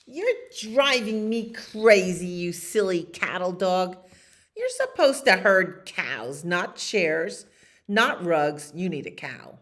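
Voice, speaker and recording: A woman's voice: fairly low pitch, big pitch swings, takes it slowly, fairly bright tone, full character voice. A woman voicing a cranky pet bird that scolds in a screechy, bossy way during a storybook reading. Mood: scolding.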